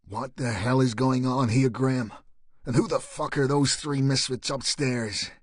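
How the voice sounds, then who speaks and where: A man voicing a gruff, hot-tempered male detective inspector who shouts and swears. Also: mid-range voice, steady tone, unhurried, no echo, clean studio sound, close to an everyday voice. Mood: angry. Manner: loud, swearing, angry.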